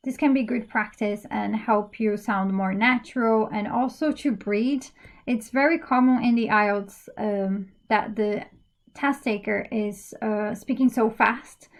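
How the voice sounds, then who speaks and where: A woman's voice: mid-range voice, measured pace. A woman teaching an English speaking-exam lesson, explaining practice steps patiently with frequent ums and uhs. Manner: patient, step-by-step instruction with many fillers.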